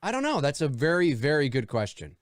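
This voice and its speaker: A man's voice: on the high side, huge pitch swings, a little fast, a crowd in the background. A man hosting a podcast in casual, crude, joking chat, reading listener questions aloud. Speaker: podcast host.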